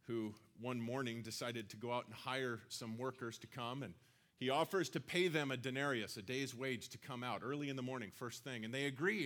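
Higher-voiced man preaching a casual sermon. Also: fairly bright tone. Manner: conversational, acts out quoted voices. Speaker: pastor.

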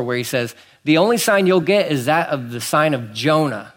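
A married man preaching a conversational sermon, swinging between hushed asides and emphatic, incredulous exclamations. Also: mid-range voice. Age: adult, married. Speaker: pastor.

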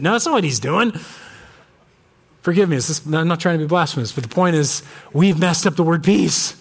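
A male pastor preaching a sermon with impassioned emphasis, swinging from ringing highs to low, grave lines. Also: a little fast. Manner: impassioned, big swings between high emphasis and low gravity.

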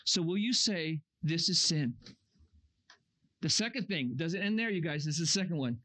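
A man preaching a sermon to young campers, earnest and animated, acting out excuses in a raised voice. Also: a little high, normal speed. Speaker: camp speaker. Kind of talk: youth camp sermon. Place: camp meeting room.

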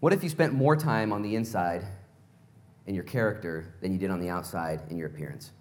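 A man preaching a sermon, animated and playful, telling stories in acted voices and asking the congregation direct questions. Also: low-pitched, fairly quick. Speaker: pastor.

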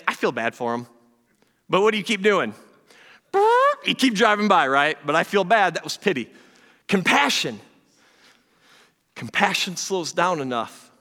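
Bright high-voiced male preacher. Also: big-room sound. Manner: earnest, conversational preaching that drops to soft, slow asides. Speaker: pastor. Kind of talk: sermon.

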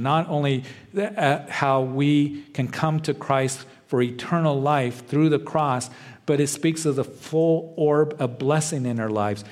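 A man preaching a sermon, earnest and emphatic, who leans on repeated phrases and slows down to stress a point. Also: medium pitch, a little mellow. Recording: long reverb of a large hall.

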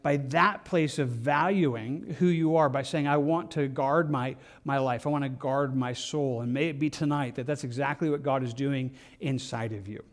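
A male pastor preaching an evening sermon in an earnest, gentle way, often repeating words and restarting his phrases. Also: medium pitch, moderate pace, hardly any pauses.

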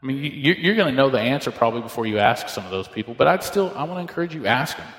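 A man's voice: medium pitch, animated, rapid-fire, a bit bright. A male pastor preaching a sermon, telling stories and acting out the dialogue in different voices. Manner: storytelling, acts out dialogue with shifting voices. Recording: echoey hall with long reverb.

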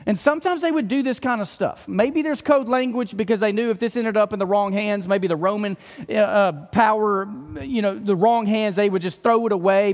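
A man delivers a sermon in a lively, conversational way, firing off rhetorical questions and friendly asides. His voice sits high for a man. The sound carries a long reverb, as from a large church hall. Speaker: pastor.

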